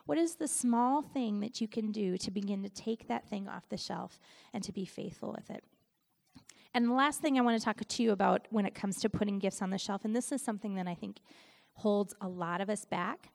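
Animated woman preaching with vocal fry. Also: mid-range voice. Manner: animated storytelling, laughs often. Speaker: Christian speaker and worship leader. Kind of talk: conversational sermon.

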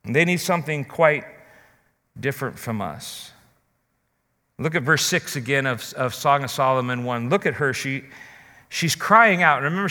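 A man's voice: mid-range voice, bright, forceful tone, long reverb tail. A man preaching a sermon as pastor, talking earnestly and straight to his listeners. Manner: earnest, direct address to listeners.

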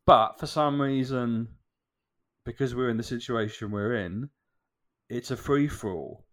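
A man in casual podcast chat, relaxed and rambling with fillers. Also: mid-range voice, unhurried.

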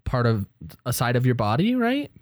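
A host in a casual podcast chat, introducing each topic in an animated way. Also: mid-range voice, normal speed, dry recording, studio quality.

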